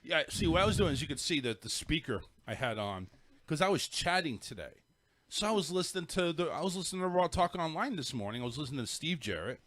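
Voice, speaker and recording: A man's voice: a little high, expressive, fast talker, fairly bright tone, no room sound. A middle-aged man with a Northern US accent, hosting a show and rambling through a story with many restarts. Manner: rambling storyteller, repeats words, restarts sentences. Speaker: podcast host. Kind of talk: casual chat.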